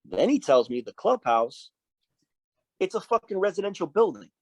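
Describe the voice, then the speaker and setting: A biker club's sergeant at arms tells stories as a guest on a casual podcast interview, swearing freely and vividly acting out the quoted dialogue. His voice is high and very animated at a normal speed, and the recording is dry.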